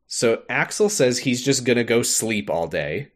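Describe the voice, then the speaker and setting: A young man co-hosting a podcast, casually recapping a game's story with animated retelling and frequent laughter. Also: medium pitch, moderate pace, hardly any pauses. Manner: animated storytelling, laughs often, acts out lines. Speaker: podcast co-host. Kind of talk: casual chat recapping a game.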